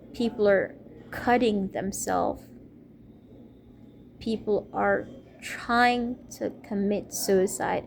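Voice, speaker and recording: Speaking to camera in a creaky, slightly mellow voice of medium pitch, a young woman vlogger rambles earnestly through her personal testimony and a religious appeal, with faint hiss in the background.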